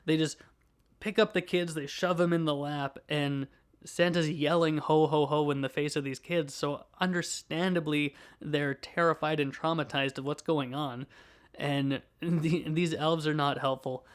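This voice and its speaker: Young male podcast host, slightly high voice, animated and chuckling through a casual movie recap. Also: unhurried. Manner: animated plot retelling with frequent laughs.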